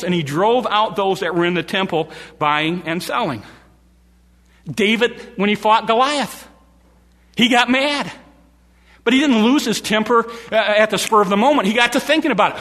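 Male preacher, bright high voice, emphatic repeats, sermon in a reverberant church hall.

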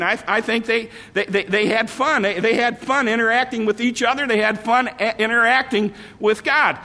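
Male pastor preaching, high bright voice, repetitive drawn-out cadence, long hall reverb. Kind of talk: evening sermon.

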